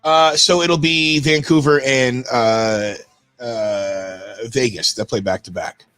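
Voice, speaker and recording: A man's voice: medium pitch, steady tone, takes it slowly, a bit bright, no room sound, soft background music. A man hosting a live hockey watch stream, chatting casually and rattling off player names. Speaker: stream host. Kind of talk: casual live game commentary.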